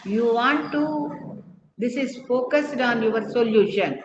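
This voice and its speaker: A woman's voice: on the high side, takes it slowly. Woman lecturing in echoey lo-fi audio. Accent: Indian English. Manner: explanatory, repeats key phrases, frequent uh fillers. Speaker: counselling lecturer. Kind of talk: online lecture. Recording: echoey, dull lo-fi online lecture audio with background noise.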